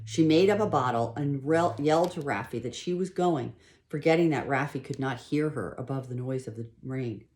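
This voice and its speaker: A woman reading a children's novel aloud at home in a plain, unpolished way, stopping now and then to correct herself or add a quick aside. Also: very deep voice, darkish tone. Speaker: storybook reader.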